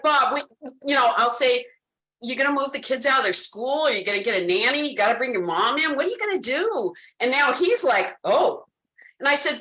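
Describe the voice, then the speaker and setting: A woman with a bright, forceful, fairly high voice runs a sales training talk. She speaks directly and animatedly to her listeners and plays out her client conversations line by line. The room around her rings with a noticeable echo. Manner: animated, direct, addresses audience as "guys".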